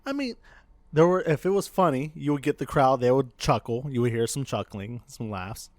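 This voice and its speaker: Male podcast co-host, animated rambling storyteller with a dry close sound. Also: mid-range voice, normal speed, no echo. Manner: rambling storyteller, laughs often, many restarts. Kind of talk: casual chat.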